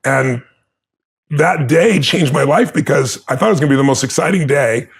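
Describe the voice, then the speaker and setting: A man's voice: on the high side, normal speed, creaky, breathy edge. A man telling his life story in an earnest, emphatic motivational way.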